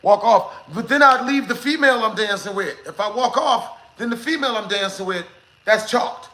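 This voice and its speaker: A man's voice: very high voice, fairly quick, rough recording. A young man streaming live, telling a rambling story to his chat with lots of asides and laughter. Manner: animated, rambling, constant filler asides.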